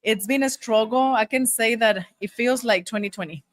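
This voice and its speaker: A woman's voice: on the high side, normal speed, no room sound. A woman restaurant owner being interviewed, friendly and polite, answering with "yes, sir.". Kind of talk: interview conversation.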